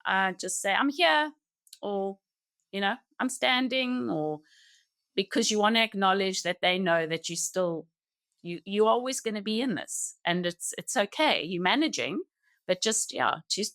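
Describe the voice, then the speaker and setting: A middle-aged woman speaking as a podcast guest in an earnest, reflective, halting way, often restarting her sentences. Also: medium pitch, a bit bright, dry recording, studio quality. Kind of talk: reflective personal conversation.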